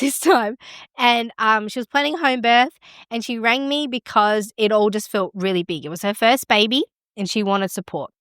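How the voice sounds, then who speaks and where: A middle-aged woman with a somewhat high voice talks through advice as a midwife podcast host. She is frank and encouraging, chatting casually. The sound is close and dry, with no room to it. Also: fairly bright tone, no echo.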